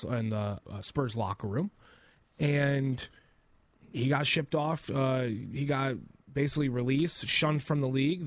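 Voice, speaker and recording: A man in casual sports chat who reels off stats and hot takes. His voice is mid-pitched, and the sound is dry and close to the mic. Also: no room sound. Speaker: podcast co-host.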